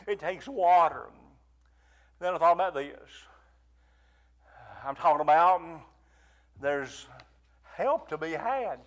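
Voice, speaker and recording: A man preaching a fervent sermon, rising to near shouts and pleading prayers. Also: fairly high pitch, animated, slow pace, pauses often.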